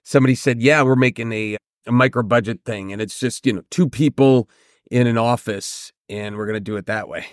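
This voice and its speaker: A man's voice: medium pitch, a little fast, no room sound, clean studio sound. A man hosting a solo filmmaking podcast, giving advice in a conversational, emphatic way and often checking in with "right?".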